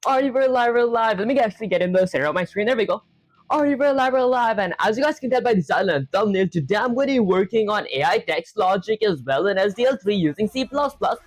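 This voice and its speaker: A man's voice: sits high, expressive, fast, poor audio. A man hosting a live coding stream, chatting casually and rambling with lots of fillers. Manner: rambling, loose, full of fillers.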